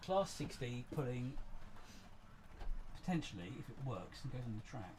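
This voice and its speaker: A man hosting a casual live stream from his model railway, chatty, jokey and excitable. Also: medium pitch, normal speed, noisy background. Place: indoors at a model railway layout.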